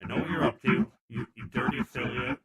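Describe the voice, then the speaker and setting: A man doing a smug, gravelly tech boss. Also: mid-range voice, brisk, dull audio, noisy background. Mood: gloating. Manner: mocking, gloating. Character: smug male tech boss scolding a user. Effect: voice changer.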